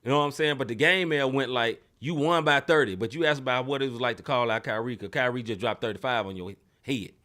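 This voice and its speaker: A young man co-hosting a casual sports podcast, animated and laughing often as he acts out quotes. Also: mid-range voice, fast, hardly any pauses. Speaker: podcast co-host.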